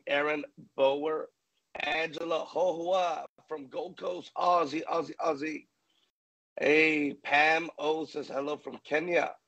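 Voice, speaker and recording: A fairly high-voiced male preacher opens his livestream, calling out the names of viewers one after another. He is exuberant and fervent, throwing in praise and quick bursts of praying in tongues between greetings. It sounds like a live broadcast, not a studio read. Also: a bit bright, low-quality recording. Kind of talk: live-stream greeting of viewers before a sermon. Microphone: livestream camera mic.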